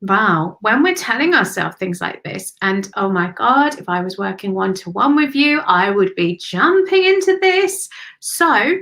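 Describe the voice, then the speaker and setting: A woman's voice: mid-range voice, sing-song, measured pace, pushed and bright. Effusive woman doing a spiritual reading. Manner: affectionate, calls listeners honey and darling; chatty and effusive, thinking aloud. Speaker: spiritual card reader and host. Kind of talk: live-streamed intuitive card reading.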